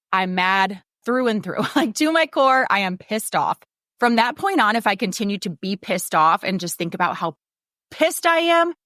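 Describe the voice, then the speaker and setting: A woman's voice: medium pitch, a bit bright, no room sound, studio quality. Candid, swearing woman podcast host. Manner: candid, swears freely, laughs often. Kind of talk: casual motivational podcast talk.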